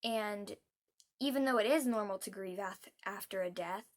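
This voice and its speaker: A young adult woman vlogging heartfelt advice, earnest and soft-spoken, pausing often with hesitant ums. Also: medium pitch.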